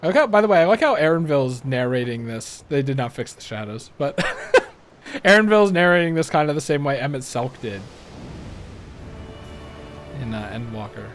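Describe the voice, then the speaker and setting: A man's voice: mid-range voice, sing-song, normal speed, long pauses, soft background music. A young man doing casual let's-play commentary, chatty and rambling, laughing easily. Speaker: game streamer.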